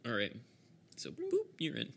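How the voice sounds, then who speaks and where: A man's voice: medium pitch, normal speed, sharp tone, slight background noise. A man narrating as game master of a tabletop game, laughing often as he describes the scenes.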